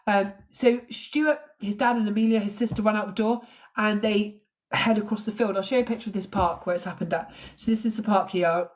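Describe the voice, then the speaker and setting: A woman's voice: medium pitch, fairly even intonation, a little fast. Emotional English woman telling a true crime story. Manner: emotional, tearful, thanks viewers while telling the story.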